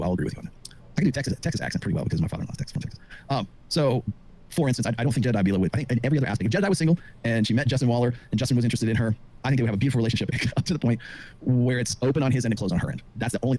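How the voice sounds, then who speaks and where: A man with a husky, slightly breathy voice holds forth on a podcast at a very fast clip. He sounds middle-aged and lectures with steady confidence, piling on fillers and restarts as he goes. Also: mid-range voice. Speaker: dating commentator on a show. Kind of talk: monologue on a podcast.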